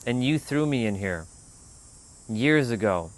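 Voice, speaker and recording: A man's voice: medium pitch, lively intonation, measured pace, natural voice. A man voicing a crying little boy, his inner child, pleading and reproachful.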